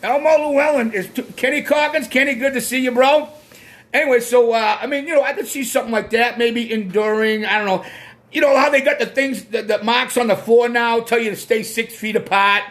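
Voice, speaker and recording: A man from Massachusetts with a Boston accent and a strikingly high voice chats through a casual live stream. His intonation is fairly even, his pace brisk, his tone a bit bright. He's blunt, drifts between points, swears freely and pauses to greet viewers by name.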